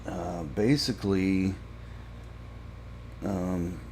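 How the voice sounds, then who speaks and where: A man casually recapping a TV episode for a podcast, halting with frequent fillers and restarts. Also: deep voice, a little mellow, a little hiss or hum. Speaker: podcast reviewer.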